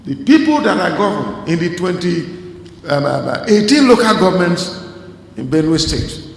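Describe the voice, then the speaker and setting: A man speaking as a state governor, giving a firm, deliberate public address. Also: high-pitched, very animated, vocal fry. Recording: echoey hall clip with faint ambience.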